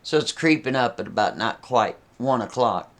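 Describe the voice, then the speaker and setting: A man's voice: medium pitch, lively intonation, normal speed, a bit bright. A man telling a story casually, talking straight to his listeners with frequent asides. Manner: conversational, addressing listeners with asides.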